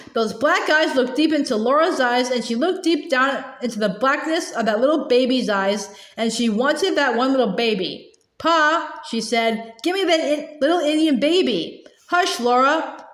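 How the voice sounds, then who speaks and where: A woman reading a children's novel aloud gently, with small restarts now and then. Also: sits high, reverberant. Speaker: storybook reader.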